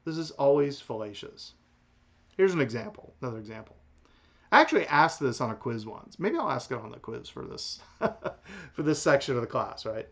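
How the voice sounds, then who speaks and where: A man teaching a philosophy class in a recorded lecture, talking in a lively way with restarts and chuckles. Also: mid-range voice, moderate pace. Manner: animated, lively delivery with frequent restarts and chuckles. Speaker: philosophy instructor.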